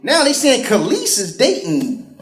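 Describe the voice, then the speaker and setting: A man's voice: extremely high pitch, huge pitch swings, measured pace, soft background music. A male stand-up comedian, telling profane, sarcastic stories and putting on voices. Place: comedy stage before a live crowd. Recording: roomy live venue with crowd laughter.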